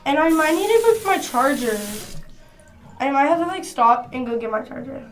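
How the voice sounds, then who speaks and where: Young woman vlogger, high-pitched, casual slangy storyteller, phone mic, soft music behind. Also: sing-song, normal speed. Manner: chatty, slangy, rambling. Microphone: phone camera.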